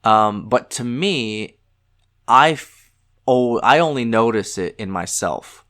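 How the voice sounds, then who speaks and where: A young man with a Southern US accent and a nasal voice, hosting a solo podcast, halting with many fillers and restarts. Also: medium pitch, animated, fairly bright tone. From American South. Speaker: podcast host.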